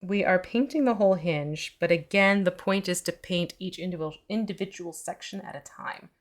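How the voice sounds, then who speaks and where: A woman's voice: lowish voice, normal speed. A woman casually explaining miniature painting step by step on a live stream, chatty and giggly. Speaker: mini painting instructor. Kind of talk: casual instructional chat.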